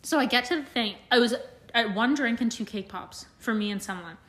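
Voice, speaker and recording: A woman's voice: on the high side, a little fast, fairly bright tone, roomy sound. A young woman co-hosting a podcast in casual chat, blunt and swearing freely. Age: young adult. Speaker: podcast co-host.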